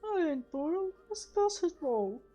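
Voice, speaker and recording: A woman's voice: extremely high pitch, very animated, a little slow, warm tone, voice pushed up, exaggerated voice. A woman voicing a small, servile male goblin who pleads and apologizes, with dull audio and game music behind her. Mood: cowering.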